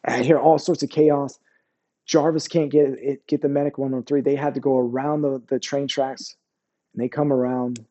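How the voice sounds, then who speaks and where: A male army veteran recounting war memories in an interview. His voice is mellow and warm at a middle pitch, and his telling is raw and profane, with many restarts and sudden quiet drops. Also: level tone, dull audio. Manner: profane, halting, restarts often, lowers voice on painful memories. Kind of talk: candid interview storytelling.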